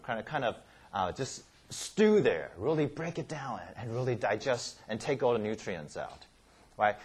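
A man teaching a Bible study class. His pitch moves a lot and rises and falls as he explains each step. His voice is a little husky, and he stumbles and restarts words while checking that the class follows. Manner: repeats key words, frequent "okay?" and "right?" check-ins.

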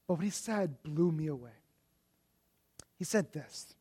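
A man as pastor, giving a conversational sermon with lots of restarts, turning animated when he mimics his own complaints. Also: a little high, a little slow, husky.

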